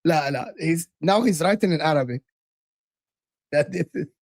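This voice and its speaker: A man's voice: a little high, normal speed, no room sound, studio quality. A man co-hosting a football chat show, mocking his friend in heated casual banter, swearing and dropping Arabic slang words.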